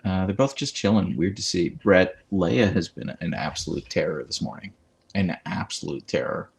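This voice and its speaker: The man's voice is low and gravelly, at a normal speed. He's hosting a casual phone livestream where he chats and reads viewer comments aloud, recorded on the phone with a clip-on mic.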